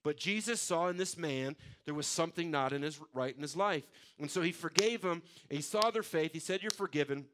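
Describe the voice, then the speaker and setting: A man's voice: a little high, fairly quick, hardly any pauses, a bit bright. A male pastor, preaching a conversational sermon full of restarts and repeated words.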